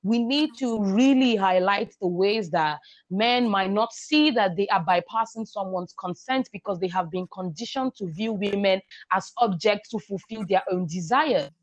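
A woman educator explaining her ideas in a measured, emphatic way on a podcast. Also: mid-range voice, dry recording. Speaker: guest, sexual and reproductive health educator. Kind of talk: podcast conversation.

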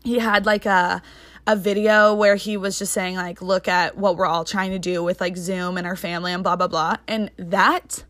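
Fast-talking young woman podcaster, dry sound. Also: fairly low pitch, little pitch movement, a bit bright, no echo. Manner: fast rambling talk with many fillers. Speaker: podcast host. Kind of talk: casual solo podcast chat.

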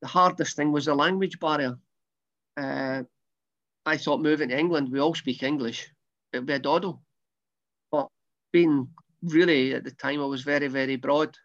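A man's voice: fairly high pitch, fairly even intonation, normal speed, pauses often, fairly bright tone. A middle-aged Scottish man, a former footballer, recounting his career in a rambling, casual way with many restarts. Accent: Scottish, softened. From Scotland. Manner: rambling, repeats words, restarts often. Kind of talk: casual storytelling interview. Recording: dull lo-fi sound.

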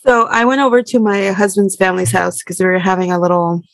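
Woman, gravelly fry, dry close sound, animated rambling storyteller, lots of fillers. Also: mid-range voice, quick pace, dry recording. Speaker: guest; burlesque performer. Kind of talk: casual storytelling.

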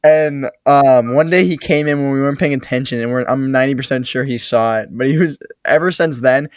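Relaxed young man telling a story. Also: mid-range voice, fairly quick, no echo, studio quality. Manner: loose, rambling, swears casually. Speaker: podcast co-host. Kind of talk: casual chat, storytelling.

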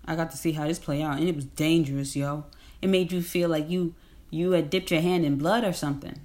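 A woman with a very low voice delivers a casual, rambling monologue. She talks emphatically in slang, laughs often, and circles back to repeat her points. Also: fairly even intonation, a little fast, warm tone.

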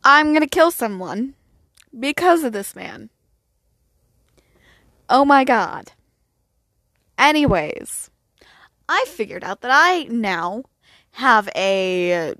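A woman's voice: mid-range voice, big pitch swings, unhurried, pauses often, a bit bright, no echo. A girl in her late teens ranting casually outdoors into her phone, blunt, profane and self-mocking. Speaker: vlogger. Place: outdoors near home at sunset.

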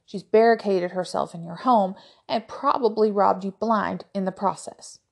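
Woman doing a big brutish tracker, blunt, insistent, gravelly, audiobook. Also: mid-range voice, normal speed.

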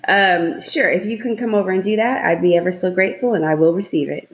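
A woman's voice: medium pitch, very animated, moderate pace. A woman in her thirties co-hosting a radio talk show, chatting casually, laughing often and filling her talk with "like" and "you know". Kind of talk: casual chat. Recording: roomy echo.

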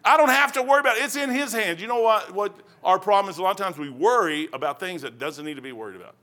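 A man's voice: sits high, animated, fast talker, pushed and bright. A man preaching a sermon as pastor, rambling folksy and telling stories.

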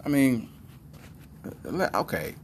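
A man's voice: mid-range voice, sing-song, takes it slowly, slight background noise. A man hosting a show, riffing on news stories in a loose, joking, slangy way and spinning silly tall tales. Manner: loose, joking, rambling storyteller with slangy speech. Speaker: podcast host reacting to news. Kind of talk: comedic news commentary.

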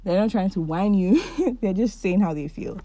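This podcast host, a woman in her twenties, pours out her feelings in a warm, chatty monologue full of "like." She has a mid-range voice, sounds animated, and keeps a moderate pace.

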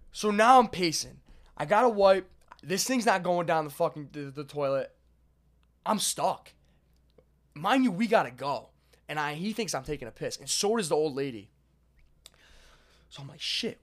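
A young man casually telling a long story to a friend, animated and swearing as he goes. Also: fairly high pitch, moderate pace, long pauses. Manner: animated, swearing, lively retelling.

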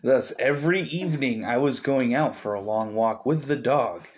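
Rich: A man hosting a casual podcast, reading a story aloud while cracking jokes and swearing. His voice sits at a middling pitch, and he keeps stopping to add quick asides. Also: slight background noise. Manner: joking, swears often, reads with asides. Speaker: podcast host.

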